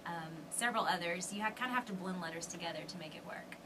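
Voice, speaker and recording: A woman's voice: lowish voice, fast. Bubbly young Southern woman, distant mic. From Arkansas. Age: young adult. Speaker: guest ventriloquist. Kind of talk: radio interview. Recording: distant mic with background noise.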